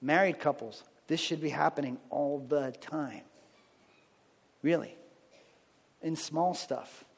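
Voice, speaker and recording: A man's voice: on the high side, slow pace, gravelly, pauses often, husky. Man preaching in a reverberant hall. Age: adult, married with children. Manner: conversational preaching with frequent "right?" asides. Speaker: pastor. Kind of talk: sermon.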